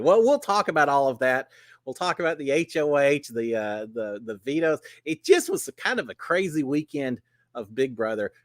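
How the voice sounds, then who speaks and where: A middle-aged man hosting a relaxed live chat, his fairly high voice swinging up and down with animated energy. He talks in a folksy, upbeat way and fills gaps with "uh". The sound is close and dry, with no room around it. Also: no echo. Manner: folksy and upbeat, many "uh" fillers. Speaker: host. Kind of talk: casual livestream chat.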